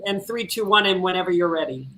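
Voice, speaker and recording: A man's voice: high voice, animated, fast, pushed and bright, slight background noise, low-quality recording. A man running the clock for a game on a video call, apologetic and giggly. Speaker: game timekeeper.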